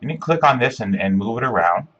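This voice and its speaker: A man giving a step-by-step screencast software tutorial, talking casually with lots of ums and uhs. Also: mid-range voice, lively intonation, quick pace, muffled recording. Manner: step-by-step, filler-heavy with frequent ums and uhs. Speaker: instructor.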